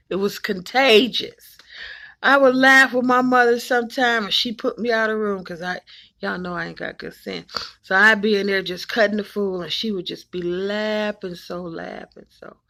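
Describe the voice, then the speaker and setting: A woman in her forties from Cleveland, telling folksy, animated family stories to the camera and hushing her voice to mimic her mother. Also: medium pitch. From Cleveland, Ohio. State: emotional, choked up at times. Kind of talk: personal storytelling to camera.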